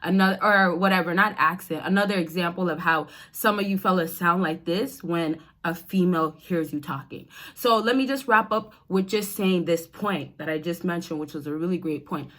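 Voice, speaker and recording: Speaking at normal speed with few pauses, this woman has a lowish, fairly bright voice. She's direct and talkative, giving dating tips to men straight to camera in a laid-back vlog and addressing them as y'all and fellas.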